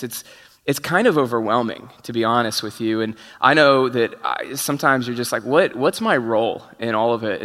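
Bright-voiced pastor telling a story in a hall. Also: male voice, medium pitch. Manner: casual, self-deprecating, chuckling storyteller. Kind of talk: conversational sermon with storytelling. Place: church sanctuary. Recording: long hall reverb.

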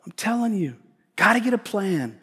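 Animated American pastor preaching in a hall. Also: male voice, sits high, normal speed, breathy edge. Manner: animated, conversational preaching with repeated words and acted-out voices. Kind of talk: sermon. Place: church sanctuary. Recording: church hall reverb with music behind. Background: soft instrumental music.

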